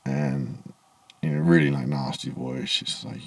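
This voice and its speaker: A man's voice: extremely low pitch, fairly even intonation, a little slow, gravelly. A man telling a rambling, aggrieved story to camera in a casual vlog, swearing freely, outdoors in the evening. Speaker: vlogger. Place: outdoors in low evening light.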